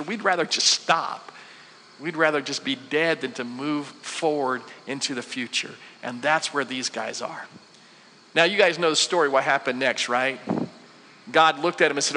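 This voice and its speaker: A man's voice: on the high side, normal speed, sharp tone. A man in his forties preaching a conversational sermon, asking the listeners questions and acting out what worried people say. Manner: conversational, acts out quoted voices, many rhetorical questions. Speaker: pastor. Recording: long hall reverb.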